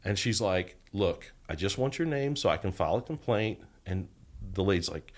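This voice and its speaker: This podcast guest, a middle-aged ex-federal agent, speaks in a low voice at a moderate pace. Animated throughout, he narrates a long story and voices the quoted words of everyone involved.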